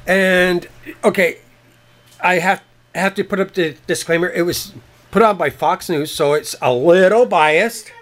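A man's voice: sits high, a bit bright. A Canadian man co-hosting a podcast, delivering blunt, profane political commentary in a combative tone. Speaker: podcast co-host.

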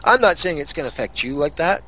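A man's voice: on the high side, sing-song, quick pace, fairly bright tone. A man from Canada hosting a podcast, telling angry road-rage stories in a profane, casual rant. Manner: angry, swearing storyteller. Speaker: podcast host.

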